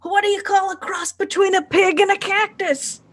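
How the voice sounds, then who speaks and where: A woman voicing a troupe of rowdy male pigman performers who shout corny puns in a high squealing voice. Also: fairly even intonation, normal speed. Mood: jokey.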